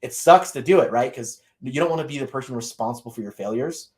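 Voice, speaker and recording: A man with a mid-range voice speaks on a live crypto round table and makes his case forcefully. He keeps firing rhetorical questions at the listener as he argues. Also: medium pitch, fast talker. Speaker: crypto content creator. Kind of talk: live panel discussion.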